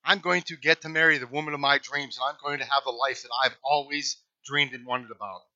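A man's voice: medium pitch, steady tone, quick pace, sharp tone, no echo, highs cut off. A man voicing an earnest young man pleading to marry a farmer's daughter, eager and pleading. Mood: hopeful.

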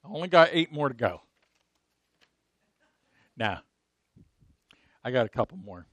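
A middle-aged man preaching a sermon in a conversational way, swinging from loud emphatic bursts to soft asides and asking his listeners frequent rhetorical questions. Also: mid-range voice, very animated, measured pace, no room sound. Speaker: pastor.

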